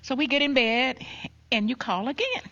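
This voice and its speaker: An older woman tells a family story of loss, unhurried and heavy with feeling. She sinks to a hushed voice for the hardest words. The recording sounds dull and a little muffled. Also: sits high, very animated. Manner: slow, emotional retelling with soft hushed quotes. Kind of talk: personal storytelling.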